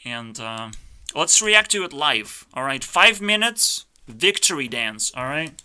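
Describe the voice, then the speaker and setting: Male YouTuber, live reaction rant; cocky, profane, piercingly bright tone. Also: medium pitch, big pitch swings, a little slow, clean tone. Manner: brash, swearing, mock-arrogant ranting. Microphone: headphones on, desk mic.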